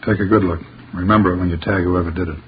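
A man playing a gruff, curt police inspector. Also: low voice, fairly even intonation, racing, natural voice. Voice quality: clipped, terse. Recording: old noisy lo-fi radio recording.

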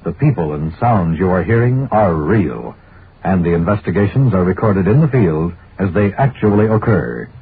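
A man announcing a radio program in a measured, formal scripted delivery. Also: sits low, lively intonation, husky. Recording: tinny vintage radio broadcast.

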